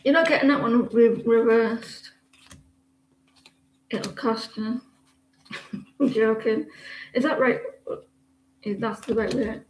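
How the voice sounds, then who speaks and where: A woman's voice: a little high, slow pace, pauses often, reverberant, slight background noise, low-quality recording. A woman giving casual, teasing tarot readings on a live stream, chatting to viewers and laughing often.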